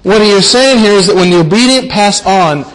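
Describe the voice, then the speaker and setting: A man preaching a sermon in an earnest, halting way, often repeating his words as he explains scripture. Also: high voice, animated, fairly bright tone, long reverb tail, low-quality recording.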